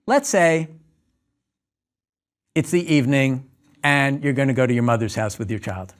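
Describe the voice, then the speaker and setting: A clinical psychologist giving a talk, telling everyday stories and acting out the dialogue. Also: male voice, medium pitch, normal speed. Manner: storytelling, acts out dialogues. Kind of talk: lecture talk.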